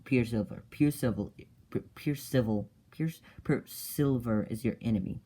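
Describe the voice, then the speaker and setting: A man's voice: mid-range voice, normal speed, mellow, close to an everyday voice. A man voicing a commanding male villain who repeats himself stubbornly. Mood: insistent.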